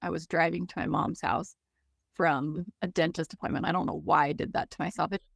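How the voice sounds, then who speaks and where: Woman guest with a gravelly voice, chatty emotional story, lots of "like", dry sound. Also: sits low, fairly even intonation, fairly quick, dry recording. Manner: candid, emotional storytelling with many "like"s. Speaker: interview guest. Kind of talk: personal story in an interview.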